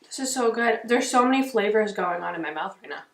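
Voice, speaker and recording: A woman's voice: mid-range voice, animated, fast talker, recorded from a distance. Enthusiastic woman, off-mic and echoey. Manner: enthusiastic, exclaiming. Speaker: host's sister, co-taster. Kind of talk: casual taste-test chat.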